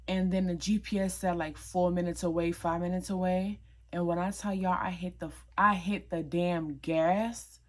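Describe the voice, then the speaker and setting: Animated woman telling a story. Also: on the low side. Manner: animated, emphatic retelling with quoted dialogue. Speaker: vlogger. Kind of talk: casual storytelling.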